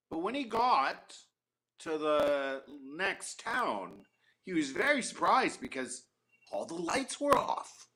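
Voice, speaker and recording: A man telling a folktale to an audience, animated and with frequent restarts. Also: fairly high pitch, slow. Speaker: storyteller.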